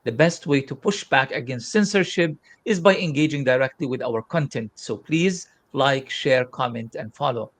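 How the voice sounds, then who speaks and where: A man's voice: medium pitch, moderate pace, few pauses. A man hosting an interview, thanking his guest and closing the show in a polished, appreciative tone. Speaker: interview host. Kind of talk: scripted sign-off.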